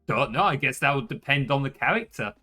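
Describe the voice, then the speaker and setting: A man's voice: mid-range voice, expressive, fairly quick, pushed and bright, faint music behind. A young man with a Yorkshire accent, chatting casually as a streamer, laid-back and swearing freely. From northern England. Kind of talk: casual chat.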